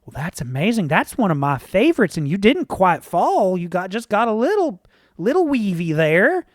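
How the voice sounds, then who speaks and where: A man's voice: high-pitched, sing-song, moderate pace, no echo. Man doing a friendly woman brewer, easygoing, dry close sound. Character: cheerful woman brewer Trusker, friendly rival.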